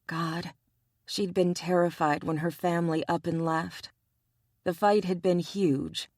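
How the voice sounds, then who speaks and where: A woman narrating an audiobook romance in a measured, even reading style. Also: fairly low pitch, dry recording, clean studio sound. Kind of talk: scripted narration.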